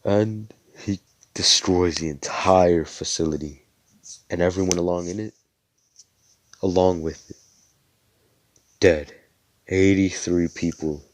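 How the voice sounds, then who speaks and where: Brief: low-voiced young man, rambling slangy storyteller, dry close sound. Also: steady tone, takes it slowly, long pauses, no room sound. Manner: rambling and slangy, with swearing and fillers. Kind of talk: casual fan story narration.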